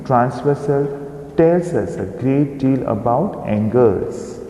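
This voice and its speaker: A man teaching a recorded maths lesson, explaining slowly and pointing out figures on screen. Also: medium pitch, expressive, warm tone. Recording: echoey room with long reverb.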